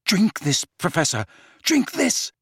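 A man's voice: sits high, wildly swooping pitch, takes it slowly, creaky, a bit bright, husky, dry recording, voice pushed up, heavily acted. A man voicing a desperate young male wizard in an audiobook, coaxing and pleading urgently in a raised voice.

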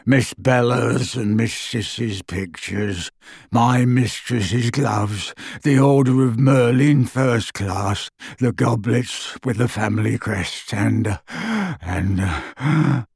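A croaking, bitter old house elf. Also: male voice, mid-range voice, darkish tone, no echo, clean studio sound, exaggerated voice. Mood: grudging. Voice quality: croaking bullfrog voice. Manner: muttering, slow and grudging. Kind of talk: audiobook character voice.

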